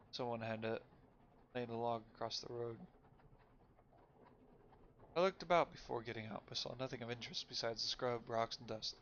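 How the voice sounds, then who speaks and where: A man reading a story game aloud for a stream, reading quickly and often stumbling and correcting himself. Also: mid-range voice, fairly bright tone. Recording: lo-fi with faint noise.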